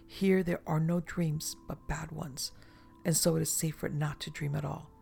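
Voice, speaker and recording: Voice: medium pitch, flat delivery, creaky, soft background music. A reader voicing a grave, sorrowful noblewoman. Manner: slow, grave and quiet. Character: sad, grave Spanish noblewoman, weary of life. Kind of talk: audiobook reading.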